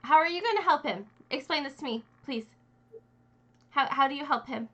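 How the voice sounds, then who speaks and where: Bright-voiced woman game master. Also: sits high, expressive. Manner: casual, halting, with fillers and restarts. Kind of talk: narrating a tabletop game.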